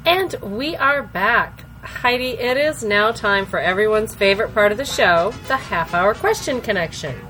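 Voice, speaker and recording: A woman's voice: mid-range voice, expressive, moderate pace, few pauses, pushed and bright, soft background music, rough recording. A woman co-hosting a podcast, cheerfully reading out interview questions. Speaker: podcast co-host.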